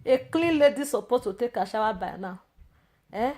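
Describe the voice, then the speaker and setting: A woman's voice: on the high side, expressive, normal speed, darkish tone. A woman with a Nigerian Pidgin English accent in a rambling, mocking monologue, confronting a rival and chatting to her viewers. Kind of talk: casual ranting monologue.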